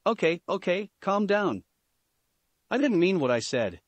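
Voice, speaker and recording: A man voicing a proud, sharp-tongued teenage princess in a fan-fiction story reading. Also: high-pitched, very animated, unhurried, no echo, voice pushed up, full character voice. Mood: haughty.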